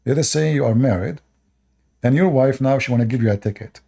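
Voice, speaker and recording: Channel host, male: preachy advice monologue, non-native English, dark mellow tone. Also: medium pitch, a little fast, creaky, husky. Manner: lecturing, rhetorical questions, repeats short commands.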